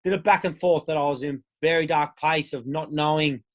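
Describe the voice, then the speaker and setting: A man's voice: fairly high pitch, steady tone, a little fast. An Australian man in his thirties, a podcast guest telling his own story in a candid, casual way with plenty of swearing. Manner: candid, swears freely, acts out quoted voices.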